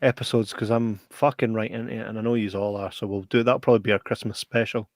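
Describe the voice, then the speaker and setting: A man's voice: lowish voice, flat delivery, quick pace, no room sound. A man with a Scottish accent co-hosting a podcast, trading easygoing, teasing banter in casual chat. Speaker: podcast co-host.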